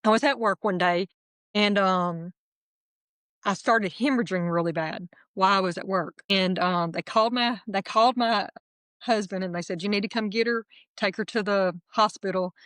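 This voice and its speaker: A middle-aged woman, telling her testimony as an interview guest in earnest, halting storytelling with soft laughs. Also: mid-range voice, dry recording, clean studio sound. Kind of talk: emotional personal testimony.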